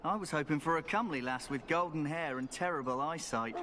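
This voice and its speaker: Daveth, ein Mann spricht einen frechen jungen Rekruten. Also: male voice, a little high, brisk, lightly acted. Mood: cocky. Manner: cocky, joking, conspiratorial. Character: cheeky young male recruit, a sly thief.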